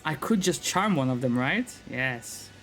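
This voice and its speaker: A man's voice: mid-range voice, animated, a little slow, a bit bright, soft background music. Profane joking male game streamer. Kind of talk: casual gameplay commentary.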